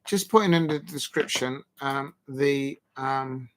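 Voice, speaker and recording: A man's voice: medium pitch, slow. A man hosting a casual live stream, rambling and joking, with the odd mock moan. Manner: rambling, jokey, prone to mock moaning.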